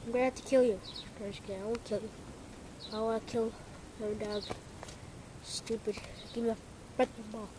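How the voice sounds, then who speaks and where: A woman's voice: fairly high pitch, steady tone, a little fast, long pauses, slight background noise. A young woman filming a casual home video, swearing and calling out to her dog while she talks to the camera. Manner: shouting, swearing, playfully exasperated at the dog. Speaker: vlogger.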